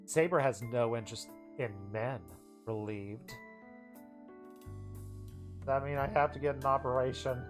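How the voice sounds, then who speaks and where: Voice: mid-range voice, fairly even intonation, unhurried, pauses often, faint music behind, lightly acted. A streamer playing a teasing mischievous girl. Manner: playful and teasing, slangy.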